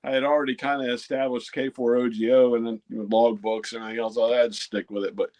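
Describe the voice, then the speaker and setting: A man from the United States, a guest on a casual panel chat, telling anecdotes in a relaxed, slightly repetitive way. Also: medium pitch, fast talker. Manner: storytelling, a little repetitive. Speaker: guest presenter.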